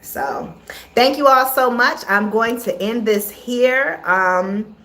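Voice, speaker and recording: Female life coach on a live stream, soothing and encouraging, repeats phrases, slightly high voice, roomy echo. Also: expressive, takes it slowly, bright, forceful tone. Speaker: spiritual life coach hosting a live meditation. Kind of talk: casual spoken live stream. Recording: echoey room.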